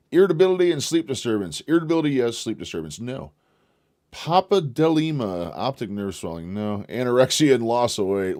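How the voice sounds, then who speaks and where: A fairly low-voiced man hosts a livestream in a slight Southern drawl. He talks loosely and casually to his viewers, swears freely and chuckles between remarks. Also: a little mellow. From northern United States. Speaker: livestream host.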